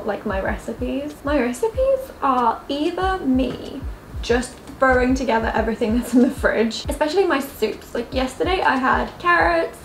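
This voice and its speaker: A woman's voice: sits high, a little hiss or hum. A young woman vlogging in her home kitchen, chatty and self-mocking, often laughing and talking to her cat. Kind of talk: casual kitchen vlog chat. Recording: echoey kitchen, lofi music underneath.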